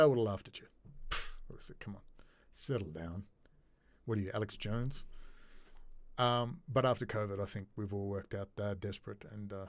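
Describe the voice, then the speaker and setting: A man's voice: on the low side, darkish tone, clear, resonant tone, no room sound. A man talking straight to his camera in a ranting monologue, agitated and swearing. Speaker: video blogger.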